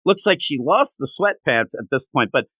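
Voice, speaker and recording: Exasperated ranting man, lively swings in pitch. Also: moderate pace, husky, no echo. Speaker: comic book reviewer. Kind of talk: casual spoken review.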